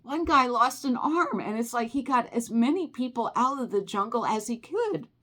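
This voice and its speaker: A woman's voice: fairly high pitch, lively intonation, moderate pace, bright, forceful tone. An American woman ranting in a casual vlog, exasperated and emphatic, often restarting her sentences. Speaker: travel vlogger.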